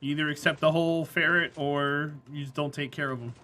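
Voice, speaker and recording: A woman's voice: low voice, steady tone, brisk, bright, forceful tone. A woman streaming a game live and chatting casually with viewers, blunt and opinionated as she answers them by name. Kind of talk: casual live-stream chat while gaming.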